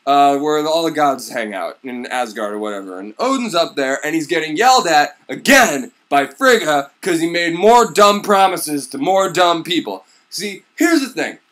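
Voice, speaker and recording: A young man retelling a myth as crude, rambling comedy, bursting into excited shouts. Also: on the high side, normal speed, few pauses. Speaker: comedic storyteller.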